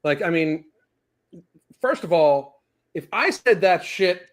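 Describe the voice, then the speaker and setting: Man, high-pitched and swinging, swears constantly as a casual podcast host. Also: takes it slowly. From US South. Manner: profane, animated ranting. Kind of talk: casual rant chat.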